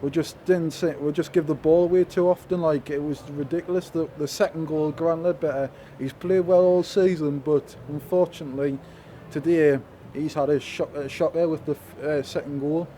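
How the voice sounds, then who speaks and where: Frustrated fan with a mellow voice. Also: male voice, a little high, steady tone, normal speed, hardly any pauses, a little hiss or hum. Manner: frustrated, leans on "like". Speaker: football fan being interviewed.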